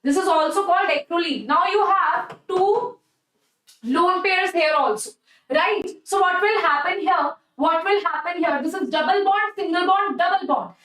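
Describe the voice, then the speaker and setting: Indian English woman, chemistry teacher, high voice, repeats and checks in, echoey room a bit off mic. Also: normal speed, a bit bright, far from the mic. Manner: repetitive, coaxing, checks "okay? right?" often. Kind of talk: online exam-prep lecture.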